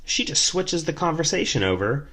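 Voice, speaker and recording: A young man hosting a storytelling podcast, telling a tale in a chatty, animated way with many fillers. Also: on the high side, normal speed. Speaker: podcast host, rideshare driver.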